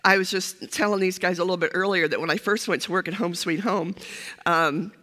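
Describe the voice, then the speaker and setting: A woman's voice: fairly low pitch, fairly even intonation, fairly quick, pushed and bright. An older woman, a former pastor, giving a humorous sermon, chatty and self-deprecating with many fillers. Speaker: guest preacher, former pastor. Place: church sanctuary. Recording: church hall reverb.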